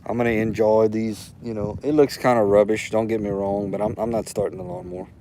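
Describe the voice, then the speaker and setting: A man's voice: lowish voice, steady tone, a little fast, background noise. A man from Louisiana with a Louisiana accent, hosting a casual livestream, rambling and heartfelt, repeating himself as he talks. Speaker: livestream host. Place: outdoors.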